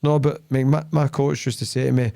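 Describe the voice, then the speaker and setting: A man's voice: mid-range voice, quick pace, creaky, dry recording. A man hosting a podcast in casual chat, telling stories bluntly and acting out the dialogue. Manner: animated storytelling, acting out quoted dialogue; blunt, plain-spoken. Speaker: podcast host.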